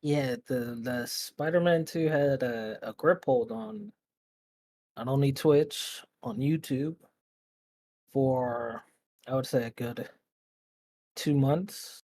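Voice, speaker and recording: A man's voice: mid-range voice, takes it slowly, pauses often, darkish tone. A man who is a guest on a podcast, chatting in an easygoing way. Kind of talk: casual podcast chat.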